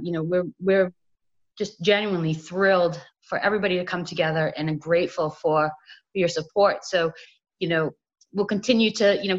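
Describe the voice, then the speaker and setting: Woman podcast host, rambling chatty delivery, low pitch, muffled audio. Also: a bit bright. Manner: rambling, many "you know" fillers. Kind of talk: casual podcast interview.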